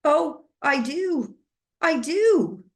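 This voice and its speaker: A woman's voice: sits high, sing-song, very slow, voice pushed up, exaggerated voice. A woman reading aloud and voicing a frightened little girl who pleads in a shaky, panicky voice. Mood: desperate. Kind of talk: storybook reading.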